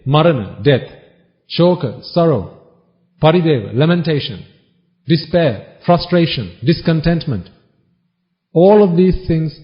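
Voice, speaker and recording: A man giving a Buddhist sermon, teasing his listeners with one question after another in a wry tone. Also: on the high side. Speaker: Buddhist preacher. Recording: dull lo-fi recording.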